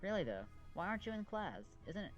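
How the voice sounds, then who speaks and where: A man putting on a coy, sly teenage schoolgirl who speaks with easy, knowing charm. The pitch sits well above his own, with faint music behind. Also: sing-song, quick pace, highs cut off.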